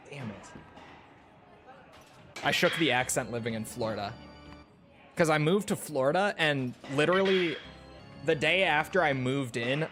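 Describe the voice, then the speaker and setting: A young man from Minnesota streaming a game, chatting loosely and joking with frequent swearing. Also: medium pitch. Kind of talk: casual gameplay stream chat. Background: game music.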